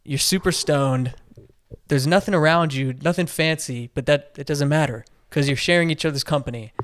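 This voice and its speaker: A man's voice: fairly high pitch, normal speed, fairly bright tone, dry recording, studio quality. A man co-hosting a casual podcast about music, talking eagerly and rambling, with lots of restarts and fillers. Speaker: podcast co-host.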